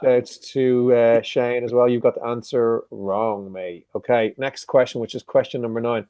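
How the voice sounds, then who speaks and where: Male quiz host, joking and unhurried, in a dry close sound. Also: medium pitch, fairly even intonation, mellow, clean tone, no room sound. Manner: jokey, repeats each question slowly. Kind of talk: casual live quiz hosting.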